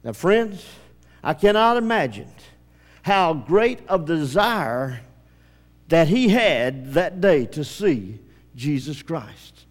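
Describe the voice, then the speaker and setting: A male preacher giving an impassioned evangelistic sermon at a church service, swinging from hushed passages to shouting. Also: on the high side, very animated, slow. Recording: long church reverb.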